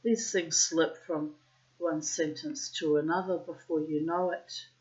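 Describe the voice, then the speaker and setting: A woman reads a literary short story aloud at an unhurried, measured pace. Her voice sits on the lower side for a woman. The recording sounds dull and lo-fi. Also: steady tone, darkish tone. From child of migrants. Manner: slow, measured narration. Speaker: reader.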